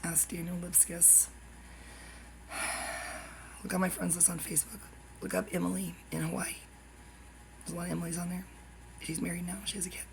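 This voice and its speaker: A woman's voice: fairly low pitch, flat delivery, moderate pace, creaky, long pauses, background noise. A woman YouTuber talking in a rambling, stream-of-consciousness monologue, jumping between topics and dropping into whispered asides.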